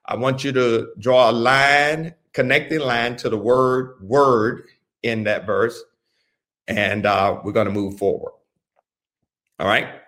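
A man teaching a Bible study as a pastor, speaking deliberately, repeating phrases and telling listeners what to underline and circle. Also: medium pitch, a bit bright. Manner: slow, deliberate, repeats phrases and gives instructions.

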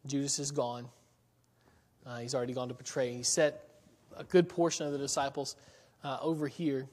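A man preaching a sermon in an earnest way, pausing often and repeating words as he builds a point. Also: mid-range voice, a little mellow, long reverb tail.

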